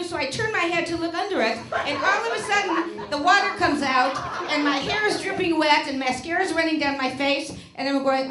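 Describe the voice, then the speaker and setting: A woman's voice: high voice, fairly quick. An older woman doing a stand-up routine on a small theater stage, telling a rambling self-deprecating story with stammered restarts. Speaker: stand-up comedian. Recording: echoey theater room, faint noise.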